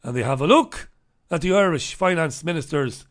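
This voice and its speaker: Combative, sarcastic male host reviewing newspapers, fairly high voice. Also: animated, normal speed. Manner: sarcastic, combative, swears freely. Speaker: talk show host. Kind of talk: ranting monologue and newspaper review.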